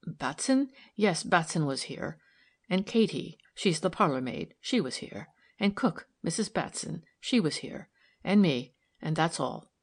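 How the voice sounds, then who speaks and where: A woman's voice: low-pitched, very animated, a little slow, slightly rough, full character voice. A woman voicing a stout, loyal older housemaid who talks bluntly in plain servant's dialect in an audiobook. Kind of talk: audiobook character reading.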